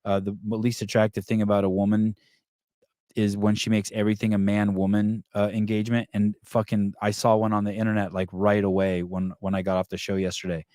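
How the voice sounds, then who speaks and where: Man podcast host, lowish voice, dry close sound, rambling, swears a lot, reacts to chat comments. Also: monotone, fairly quick, dark tone, no room sound. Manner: rambling, profane, with frequent restarts. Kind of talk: casual chat reading live comments.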